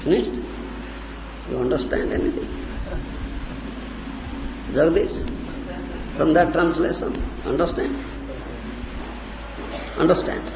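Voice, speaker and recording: A man teaching from scripture, chanting verses and often stopping to ask his listeners if they understand, at times rising to shouts. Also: fairly high pitch, slow, gravelly, pauses often. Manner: questioning, keeps asking "understand?". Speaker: spiritual teacher. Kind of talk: lecture on scripture. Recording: roomy hall, lo-fi with hiss.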